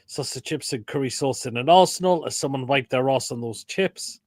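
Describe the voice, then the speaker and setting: A man's voice: medium pitch, normal speed, dry recording. An English man hosting a casual live stream, giving blunt, crude verdicts on food pictures and reading out viewers' comments. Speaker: host.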